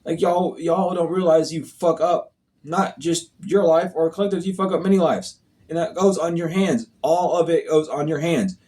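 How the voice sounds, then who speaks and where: A man's voice: a little high, normal speed, dark tone. Blunt, profane man scolding viewers. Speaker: spiritual reader. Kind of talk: casual monologue to viewers.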